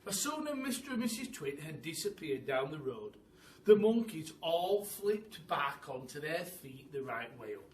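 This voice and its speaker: Expressive man reading a storybook. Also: a little high. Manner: expressive, unhurried. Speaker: primary school teacher. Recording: echoey room, mic at a distance.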